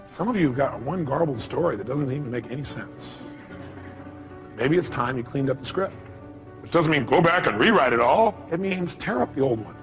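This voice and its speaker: A man's voice: medium pitch, expressive, normal speed, faint music behind. A man giving a motivational seminar talk, emphatic, firing rhetorical questions at his audience. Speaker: motivational speaker.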